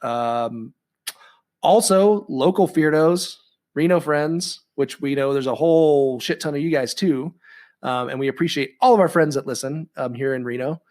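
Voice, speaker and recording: A man's voice: on the high side, normal speed, a little mellow. A man co-hosting a casual podcast, rambling and chatty with lots of ums and restarts. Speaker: podcast co-host.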